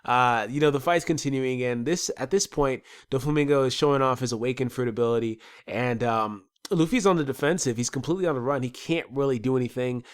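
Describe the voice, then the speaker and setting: A man's voice: mid-range voice, a little fast, hardly any pauses, clean tone. A man with a stuffy nose giving a casual solo episode review, rambling and swearing freely.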